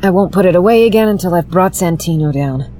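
A woman's voice: on the low side, fast talker, mellow, a little hiss or hum, close to an everyday voice. An actress playing a dry, sarcastic woman necromancer and bounty hunter. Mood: wry.

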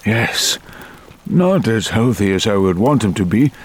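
A man voicing a dignified old male elder who speaks slowly and formally in an audiobook. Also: fairly low pitch, animated, slightly rough. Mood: earnest. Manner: slow, solemn, formal phrasing. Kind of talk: audiobook character voice.

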